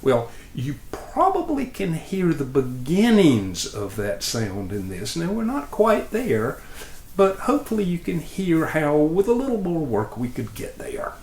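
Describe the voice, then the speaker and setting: A man's voice: on the high side, a little slow, roomy sound. A man explaining ideas step by step in a demonstration lesson, in a patient, plain way. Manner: patient, plain explanations with lively ups and downs. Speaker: instructor.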